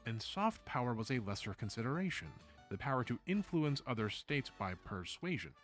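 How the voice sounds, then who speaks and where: Guy reading his video essay script, measured and kinda wry, lots of up and down in his voice, quiet music behind. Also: mid-range voice, very animated. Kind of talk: scripted narration.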